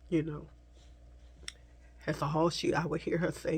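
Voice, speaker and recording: Tearful woman speaking softly, halting. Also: low-pitched, flat delivery, breathy edge. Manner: soft, halting, slips into whispers, addresses viewers as y'all. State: tearful, crying at times. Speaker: vlogger. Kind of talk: emotional storytime to viewers.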